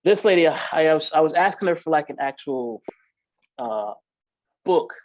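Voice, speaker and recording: A man's voice: a little high, lively intonation, moderate pace, darkish tone, no room sound, highs cut off. Casual, emphatic man telling his story. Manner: casual, emphatic, filler-heavy with frequent "like" and "yo". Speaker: podcast guest. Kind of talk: storytelling in an interview.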